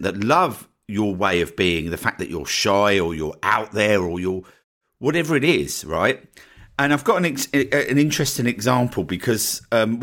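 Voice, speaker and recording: A podcast host with an Essex accent talks to his listeners in a loose, chatty solo style. His voice sits a little low, and he keeps tagging his points with a quick "right?". The delivery is relaxed and unscripted, like he is talking things through off the cuff. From northeast Essex, England. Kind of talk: casual solo podcast talk.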